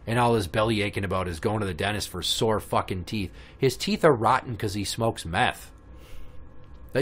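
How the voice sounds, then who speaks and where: A man hosting a casual podcast, telling stories in a blunt, sarcastic, profane rant. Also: medium pitch. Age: adult with kids. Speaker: podcast host. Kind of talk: casual ranting podcast chat. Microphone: podcast microphone.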